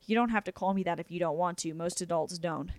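A woman's voice: on the low side, fast talker, no room sound, close to an everyday voice. A woman reading the part of a shy, sulky young girl who speaks politely.

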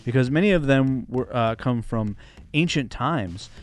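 A man's voice: mid-range voice, expressive, a little slow. A man hosting a casual monologue about comedy, earnest and enthusiastic, with plenty of fillers. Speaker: host, comedy editor and stand-up comic.

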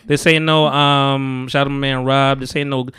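A man hosting a podcast in casual chat, profane and animated as he tells a story. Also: mid-range voice, normal speed, smooth, no room sound, clean studio sound. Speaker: podcast host.

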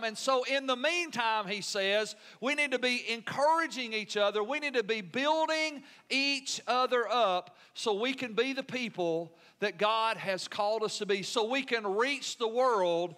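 A man's voice: very high voice, a little slow, hardly any pauses, bright, forceful tone. A male pastor preaching a sermon in an earnest, emphatic way, often asking the congregation questions.

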